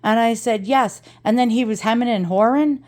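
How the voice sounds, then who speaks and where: A woman's voice: a little high, fairly quick, darkish tone. A woman with an East Coast American accent, talking in a chatty and dramatic way in a casual unboxing vlog, swearing freely. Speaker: antiques reseller vlogger.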